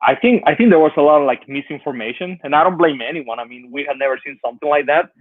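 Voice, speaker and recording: A man guesting on an interview as a band member, talking in a quick, earnest, laid-back way. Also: a little high, lively intonation, no room sound. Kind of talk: casual interview chat. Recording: thin phone-like line, dry.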